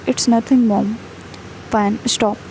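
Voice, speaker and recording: A woman reading a fan fiction chat story aloud. She speaks each speaker name and stage cue in the same even, unvaried tone. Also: a little high, slow pace, slight background noise, rough recording.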